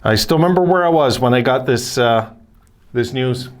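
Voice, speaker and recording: A man's voice: mid-range voice, lively intonation, normal speed. A man hosting a casual solo video, talking in a rambling, chatty way with frequent self-corrections and asides. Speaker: hockey video host.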